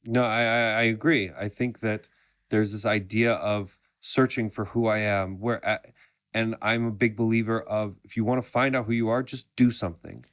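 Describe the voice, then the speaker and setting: A man in his thirties hosting an interview, speaking earnestly and reflectively with some halting restarts. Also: on the low side, fairly even intonation, a bit bright, no echo, clean studio sound. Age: 30s. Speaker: podcast host. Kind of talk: conversational interview.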